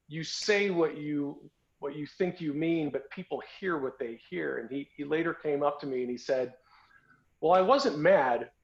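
A podcast host tells a story in a relaxed, conversational way, often restarting and repeating his words. His voice sits a bit high for a man. The recording is dull and lo-fi.

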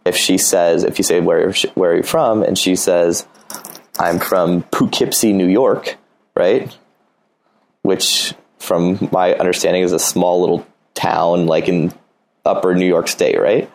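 A man's voice: deep voice, level tone, measured pace, creaky, a little mellow, rough recording. A man giving casual dating advice, blunt and profane, acting out little dialogues.

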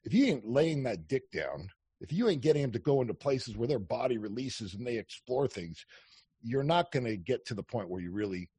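A man chatting casually as a podcast guest, telling animated stories, acting out quoted lines and swearing freely. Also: medium pitch, fairly quick, husky, dry recording. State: on day four of a fast. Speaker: podcast guest, dating coach. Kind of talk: casual chat.

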